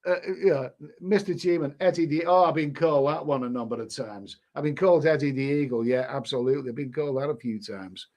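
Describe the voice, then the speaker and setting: A man's voice: mid-range voice, a little fast, a little mellow. A middle-aged man hosting a live stream in casual chat, rambling and often restarting his sentences as he reads viewer comments. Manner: rambling, repeats words, frequent restarts.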